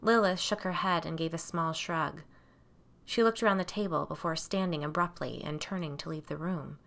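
A woman reading a first-person horror story aloud in a measured, hushed storytelling manner. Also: low voice, creaky. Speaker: audiobook narrator.

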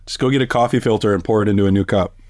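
A man's voice: on the low side, racing, a little mellow, dry recording, clean studio sound. A man co-hosting a podcast in laid-back, teasing casual chat. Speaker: podcast co-host.

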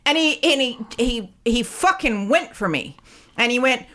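Woman, high-pitched, bright tone, profane indignant rant, rambling, comedic. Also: expressive, normal speed. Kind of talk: comedic ranting monologue.

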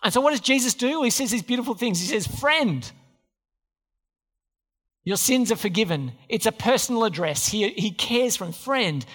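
A man's voice: extremely high pitch, expressive, a little fast, hardly any pauses, a bit bright. Male pastor, preaching to a congregation, conversational questions, long church reverb. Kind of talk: sermon. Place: church hall. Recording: hall reverb.

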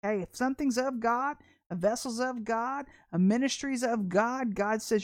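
A woman's voice: a little high, normal speed. A woman preacher giving a prophetic sermon in a blunt, confrontational and colloquial way.

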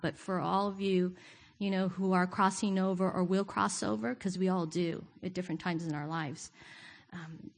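A woman giving a sermon to her church, candid and self-deprecating, often laughing. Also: medium pitch. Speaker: guest preacher. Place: church sanctuary.

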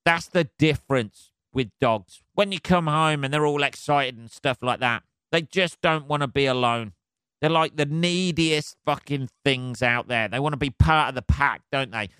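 Ranting comically on his own, this podcast host has a clear, resonant mid-range voice and moves at a moderate pace. He laughs often, stays animated and swears nonstop. The studio-quality audio carries no echo.

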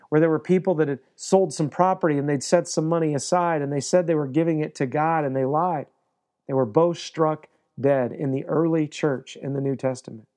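A male pastor gives an earnest sermon. His voice sits a little high but sounds mellow and dark. Now and then he acts out the words of biblical figures. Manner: earnest preaching, acts out voices of God and Joshua.

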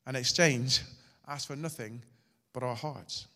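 Male pastor, sermon, dramatic swings from forceful to hushed, long hall reverb. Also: medium pitch, fairly even intonation, a little slow. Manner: dramatic, shifting loud and soft.

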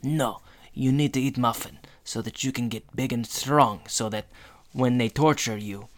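A podcast host voicing a stern woman wrestler with a put-on Russian accent, in a slow, heavy deadpan. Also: mid-range voice, close to an everyday voice.

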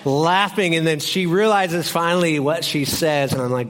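A young man preaching a sermon as pastor in a church, telling stories in an animated way and acting out both sides. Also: on the high side, moderate pace, hardly any pauses. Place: church sanctuary.

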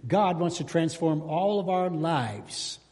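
A man's voice: a little high, animated, slow, darkish tone, in a large hall. A man preaching a sermon as pastor, fervent, with rising emphasis and repeated phrases. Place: church sanctuary.

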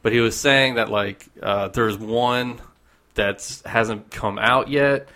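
A man co-hosting a casual podcast, chatty and quick to laugh. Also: mid-range voice, steady tone, bright, forceful tone. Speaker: podcast co-host.

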